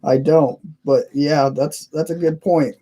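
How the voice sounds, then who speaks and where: A man's voice: fairly high pitch, steady tone, measured pace, warm tone. A man hosting a casual live stream from his computer, rambling and chuckling as he reads viewers' messages aloud. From United States. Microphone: cheap webcam mic.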